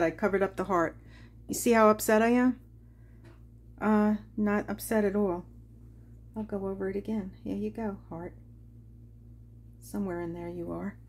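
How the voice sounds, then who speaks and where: A woman with a husky, mid-pitched voice talks her viewers through a watercolor painting session. She chats casually and drifts into lively stories, laughing as she goes. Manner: chatty, laughs while telling stories. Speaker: craft channel host. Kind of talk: casual craft tutorial chat.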